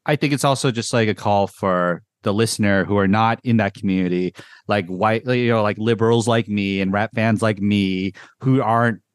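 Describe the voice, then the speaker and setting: Man, podcast host, casual music chat, excitable, rambling, dry sound. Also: lowish voice, moderate pace, clear, resonant tone, no room sound. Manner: rambling, many "like" fillers, excitable.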